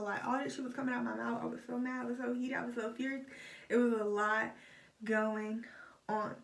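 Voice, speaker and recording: A woman's voice: a little high, little pitch movement, a little fast, gravelly. A young adult woman talking candidly to her phone camera in a storytime vlog, with lots of swearing and "like" fillers. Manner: raw, candid, profane, heavy filler "like". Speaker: vlogger. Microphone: old phone camera. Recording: roomy sound from a distant phone.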